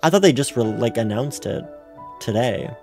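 A man's voice: medium pitch, lively intonation, normal speed, gravelly, darkish tone, soft background music. A man streaming casually, rambling through offhand reactions. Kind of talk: casual chat.

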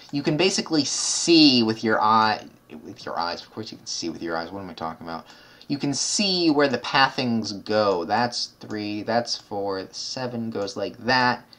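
A man's voice: mid-range voice, a bit bright. A man giving casual gameplay commentary, muttering numbers under his breath while solving puzzles and correcting himself as he thinks aloud. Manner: chatty asides, self-correcting. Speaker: gaming video creator.

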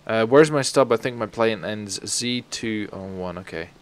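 A gaming YouTuber with a lowish voice speaks at normal speed, giving comedic let's-play commentary full of crude jokes and free swearing. He also chats to the game's characters.

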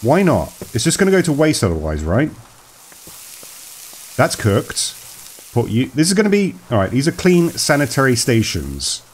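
A man's voice: medium pitch, wildly swooping pitch, normal speed, long pauses, slightly rough. A man chatting playfully as he plays a horror game, talking to its characters and joking along. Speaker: gaming video host. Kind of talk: let's play commentary.

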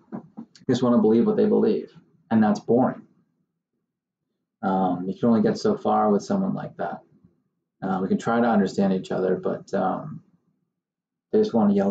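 A man hosts his own channel, talking to the camera in a casual, wry and exasperated way. His voice is low, gravelly and dark. The recording sounds muffled and roomy, with a faint hiss underneath. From Southern Maine. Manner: wry, exasperated, mocking impressions of others. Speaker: surveyor and channel host.

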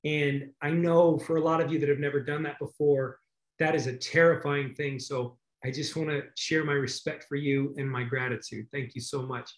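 Casting: grateful male host, higher voice, roomy echo on a video call. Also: little pitch movement, normal speed. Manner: warm, grateful, rambling with restarts. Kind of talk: casual hosting and announcements. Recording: echoey room on a video call.

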